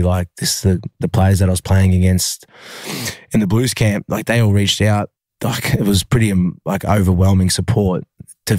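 An Australian man, a rugby league player, telling a painful personal story in an interview, halting with many fillers and restarts. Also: low voice, a little mellow, no echo, studio quality.

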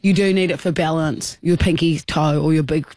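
A man's voice: a little high, fairly even intonation, normal speed, a little mellow, dry recording. A man, co-hosting a radio show, teasing and arguing with his colleague. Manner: teasing, argumentative. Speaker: radio co-host. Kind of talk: casual radio banter.

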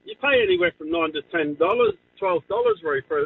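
A man's voice: high-pitched, huge pitch swings, fast, creaky, breathy edge, dry recording. A man with an Australian accent calling in to a radio show, chatty and nostalgic, over a phone line. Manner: chatty, nostalgic, calls the host mate. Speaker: caller.

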